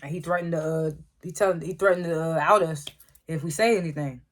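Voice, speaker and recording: This is a relaxed, talkative reviewer walking through a TV episode scene by scene. The voice sits at an ordinary middle pitch. The delivery is loose and conversational, with frequent laughter as each scene is retold. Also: a little fast. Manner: chatty, laughs often, retells scenes with "he was like". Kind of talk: casual spoken recap review.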